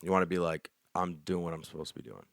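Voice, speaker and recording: A man's voice: low-pitched, very fast, gravelly, fairly bright tone, no echo, clean studio sound. A young man co-hosting a podcast in casual, rambling chat, joking and leaning hard on "like". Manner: rambling, joking, heavy use of "like". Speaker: podcast co-host.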